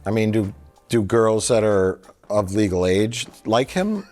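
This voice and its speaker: Low, rambling co-host, halting and jokey, faint music behind. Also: male voice, darkish tone. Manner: rambling, halting, full of fillers; jokey, slips into silly voices. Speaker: film review show co-host. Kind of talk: casual movie chat.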